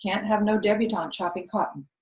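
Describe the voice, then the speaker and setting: A woman reading aloud, voicing a fretful grown woman who works as a family cook, scolding loudly. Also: mid-range voice, a little fast, highs cut off, close to an everyday voice. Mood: lecturing. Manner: scolding, exasperated, loud. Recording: roomy echo.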